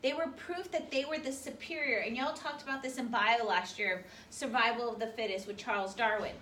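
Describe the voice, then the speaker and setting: A woman leads a high school history class, rapidly questioning her students. Her voice is a little high and fairly bright, and the classroom recording is distant with faint noise.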